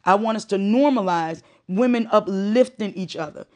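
A woman's voice: mid-range voice, moderate pace, a little mellow. A middle-aged woman giving a heartfelt monologue, with emphatic, repeated phrases and moments of choking up. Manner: emotional, choking up.

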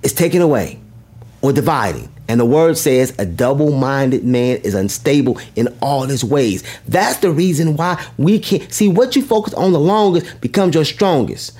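A man delivering a motivational speech with a husky, slightly rough voice. He preaches emphatically, repeats his key lines for effect, and swings sharply between high and low notes. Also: expressive, normal speed, darkish tone. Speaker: motivational speaker.

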